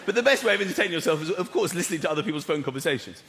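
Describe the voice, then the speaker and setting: A man's voice: on the high side, expressive, racing, creaky, over loud music. A man performing stand-up comedy on a large theatre stage, telling stories animatedly and acting out characters. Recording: echoey theatre with loud audience laughter.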